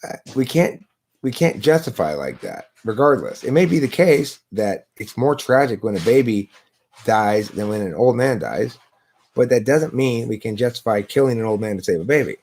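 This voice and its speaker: With a lowish, darkish, expressive voice at a moderate speed, a man runs a live stream into his laptop. It's an informal philosophical debate where he lectures his case and quizzes himself rhetorically.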